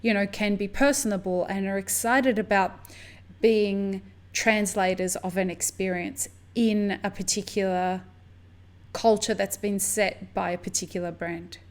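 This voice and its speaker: American woman, podcast host, mid-pitched voice, lively and conversational. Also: measured pace. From United States. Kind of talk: casual conversation.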